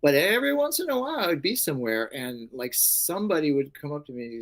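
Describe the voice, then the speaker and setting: A middle-aged man, an actor and karate instructor, telling stories in a casual interview, animated and acting out voices, with many fillers. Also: mid-range voice, a little fast, low-quality recording.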